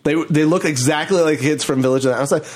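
A man's voice: a little high, fast. A young adult man co-hosting a casual comedy chat, telling rambling stories full of fillers. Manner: rambling storytelling with many fillers. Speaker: podcast co-host.

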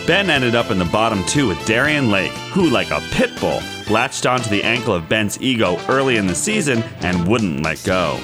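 A man co-hosting a podcast, reading gossip headlines and promos with an arch, gossipy delivery. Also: fairly low pitch. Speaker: podcast co-host. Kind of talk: show promo and casual chat.

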